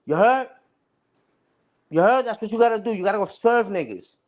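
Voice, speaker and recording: A man's voice: sits high, expressive, normal speed. A man ranting casually on a livestream, taunting and repeating himself. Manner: taunting, repetitive, says "respectfully" and "you heard".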